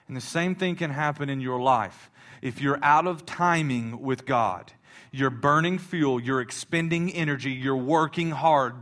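A pastor preaching a sermon in a casual, joking storytelling way. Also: male voice, medium pitch, a bit bright.

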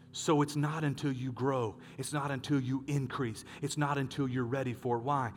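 A male pastor preaching a sermon, telling a story with lively acted-out voices. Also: medium pitch, normal speed, hardly any pauses, long reverb tail, slight background noise. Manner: animated storyteller, acts out dialogue.

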